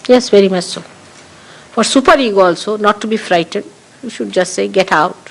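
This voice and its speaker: A woman's voice: mid-range voice, normal speed, vocal fry, rough recording. Woman spiritual teacher, mid-range voice, firm and emphatic, archival talk recording. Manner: emphatic, repeats key phrases.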